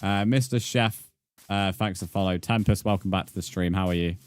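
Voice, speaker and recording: A man's voice: sits low, fairly even intonation, brisk, clean tone. A British man chatting casually on a live game stream, easygoing, with lots of fillers as he reads out the chat. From United Kingdom.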